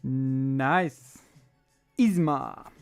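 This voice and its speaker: A chatty livestream host opening card packs and talking straight to the viewers. The voice is smooth and clean, pitched in a middling range. Talks loosely, thinks aloud and corrects itself mid-sentence. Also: drawn-out words, a little mellow, soft background music. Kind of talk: casual livestream chat while opening packs.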